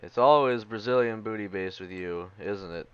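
A man's voice: on the low side, moderate pace, fairly bright tone, clean tone, no echo, dull audio. A man co-hosting a podcast in casual chat, dropping dry, teasing asides. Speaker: podcast co-host.

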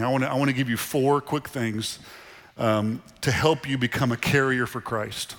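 Pastor preaching in an echoing hall. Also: male voice, mid-range voice, normal speed. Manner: animated, conversational preaching with repeated phrases. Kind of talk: sermon. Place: church sanctuary. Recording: long reverb of a large hall. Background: congregation in the room.

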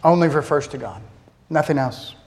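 A man preaching a sermon to his congregation, asking rhetorical questions, voicing their doubts, and slowing to drop soft on key words. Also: on the high side, animated. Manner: slows and drops soft on key words for emphasis. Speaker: pastor.

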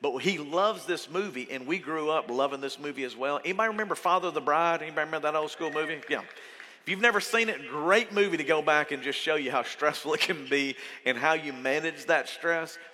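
A man preaching a sermon to his church, conversational and animated as he tells stories. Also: on the high side, a little fast. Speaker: pastor. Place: church auditorium. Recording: reverberant hall.

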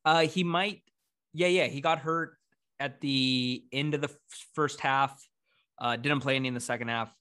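A man hosts a relaxed sports talk show with a few friends, working through his picks. He sits at a middle pitch and gets excitable, laughing often and jumping in on the others. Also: moderate pace, clean tone. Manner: excitable, laughs, mock British accent briefly. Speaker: podcast host. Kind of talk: casual sports picks chat.

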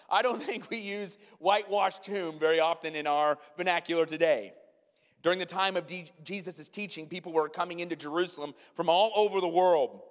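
A male pastor preaching a sermon, mixing scripture teaching with funny personal stories and quick questions to the congregation. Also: a little high, big-room sound. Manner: animated storytelling with humorous asides to the congregation. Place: church sanctuary.

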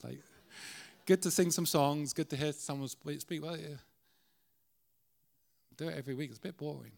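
A man's voice: a little high, normal speed, vocal fry, darkish tone. Earnest Irish man preaching. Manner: earnest, conversational, with restarts. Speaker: guest preacher. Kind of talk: sermon. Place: church.

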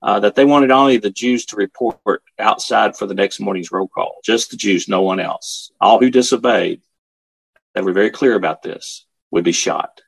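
A man earnestly telling a story, emphatic and halting, often repeating himself. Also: on the low side, gravelly, slightly rough. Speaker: speaker telling his father's war story. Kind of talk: storytelling talk.

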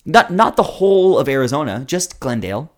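Man, canadian, podcast co-host, jokey casual chat, lively pitch. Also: a little fast. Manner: animated, jokey and mock-declarative.

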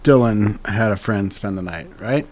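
Animated, cursing male podcast co-host. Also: on the low side, moderate pace. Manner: animated storyteller, swears freely. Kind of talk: casual chat.

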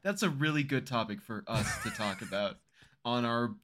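Giggly bright-voiced man co-hosting. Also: mid-range voice, moderate pace. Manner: giggly, jokey, trails off into laughter. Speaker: podcast co-host. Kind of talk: casual comedic chat.

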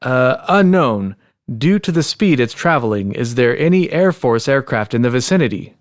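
A man reading a pilot's radio calls from a transcript in a measured, plain way. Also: mid-range voice, animated, no room sound, clean studio sound, close to an everyday voice. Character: calm adult male pilot on the radio.

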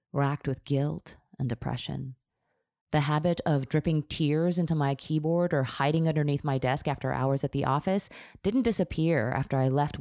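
A woman's voice: sits low, creaky, mellow, no echo. A woman podcast host reading her memoir aloud in a candid, wry, self-deprecating way, close to the mic. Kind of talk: memoir narration.

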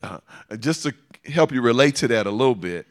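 A man's voice: medium pitch, lively intonation, a little fast. A man preaching a sermon, repeating phrases for emphasis and chuckling often.

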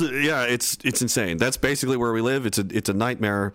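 A man's voice: mid-range voice, a little fast, few pauses, fairly bright tone, no room sound, studio quality. A man hosting a livestream, reading viewer comments with mocking, profane sarcasm. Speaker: political livestream host.

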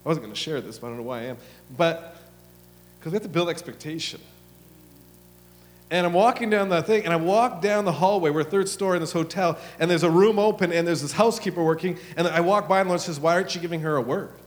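Animated male pastor in a reverberant hall. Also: a little high, quick pace. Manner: animated storytelling, acts out his own and God's lines, drops to hushed prayer. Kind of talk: sermon with storytelling and prayer. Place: church hall. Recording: long hall reverb with soft music.

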